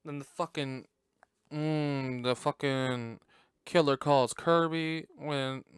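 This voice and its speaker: A man hosts a casual podcast, reacting to a movie in a sassy, profane way and laughing often. His voice is smooth and resonant, recorded dry and close with no room sound. His pitch sits in the middle for a man. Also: fairly even intonation, slow, no echo. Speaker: podcast host.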